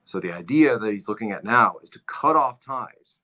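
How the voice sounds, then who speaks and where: A man's voice: fairly low pitch, expressive, normal speed, bright, forceful tone. A man hosting political commentary, lecturing on history and stressing points by repeating phrases.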